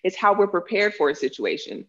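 A woman's voice: medium pitch, very animated, brisk, dull audio. A woman who teaches self-defense and wrote a book on it, answering interview questions in an earnest, explanatory way with plenty of fillers. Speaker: self-defense instructor and author.

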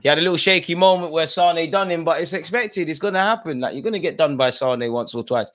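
A man hosting a live football watch-along. He bursts into loud shouts at the players and the referee, then drops to quiet, muttered asides. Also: quick pace, slight background noise. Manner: excitable, shouts encouragement and complaints at players and referee; drops to low muttered asides between outbursts. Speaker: fan channel host.

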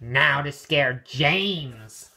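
A man voicing a scheming male diesel engine villain in a toy-train story, talking slowly and low with gloating chuckles. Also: expressive, sharp tone, slight background noise, exaggerated voice.

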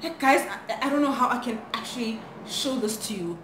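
Young woman, lively storytime vlog, higher voice, echoey room with faint hiss. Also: fairly quick. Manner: animated, switching languages mid-sentence. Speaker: vlogger. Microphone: phone camera.

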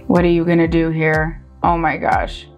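A woman hosting a reaction video, animated and exclaiming as she comments. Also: low voice, normal speed, soft background music.

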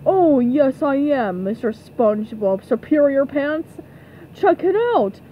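A woman's voice: high voice, expressive, highs cut off, slight background noise. A woman voicing a dim-witted, cheerful male starfish in a cartoon fan dub. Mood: smug. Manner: dopey, slow.

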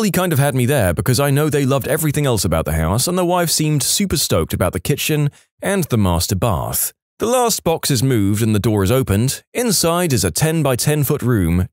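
A man narrating reddit stories in an animated, scripted storytelling manner. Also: mid-range voice, no room sound, clean studio sound.

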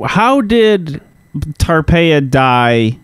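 A man's voice: fairly high pitch, very animated, very slow, clean tone, no echo. A man co-hosting a podcast in casual comedic chat, telling the story in a laid-back way and swearing casually. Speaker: podcast co-host.

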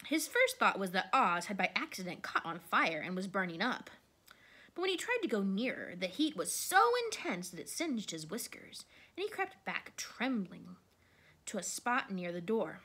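A woman reading a children's storybook aloud with expressive delivery. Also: breathy edge. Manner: expressive, varies pitch. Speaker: narrator.

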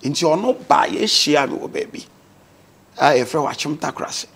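A Ghanaian man recounts his past as a talk show guest, his voice gravelly and husky. He sits a little high for a man and speaks with an earnest, steady storytelling pull. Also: normal speed. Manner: earnest storytelling, mixing English words into his speech.

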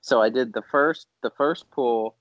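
A man's voice: medium pitch, unhurried, no echo, dull audio. Laid-back man telling a story on a podcast. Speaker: podcast co-host. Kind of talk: casual chat.

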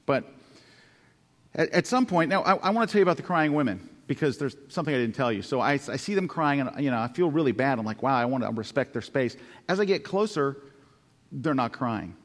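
Animated, self-mocking male photography teacher. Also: medium pitch, fairly quick, big-room sound. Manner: animated, self-mocking, acts out his own thoughts. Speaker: photography instructor. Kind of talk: storytelling lesson over photo slides.

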